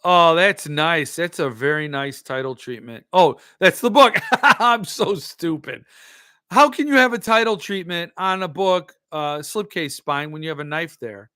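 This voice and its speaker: A man's voice: fairly high pitch, lively intonation, measured pace, bright, forceful tone, smooth, no echo, clean studio sound. A man hosting a podcast in casual chat, reading viewer comments, jokey and self-mocking. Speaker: podcast host.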